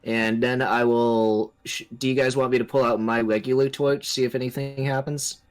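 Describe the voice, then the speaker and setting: A man with a mid-pitched voice plays a tabletop game. He chats casually and eagerly makes practical suggestions to the group. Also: little pitch movement, moderate pace, clean tone, soft background music. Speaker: player.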